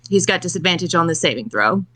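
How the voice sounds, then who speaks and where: A woman's voice: on the low side, animated, fast talker, crowd noise. A woman player who methodically narrates her character's moves in a tabletop game, using many filler uhs.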